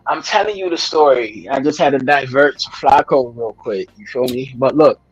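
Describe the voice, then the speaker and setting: A man's voice: mid-range voice, moderate pace, slightly rough, dull audio. A man telling a rambling, slangy story in casual chat, laughing often. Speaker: podcast host telling a story.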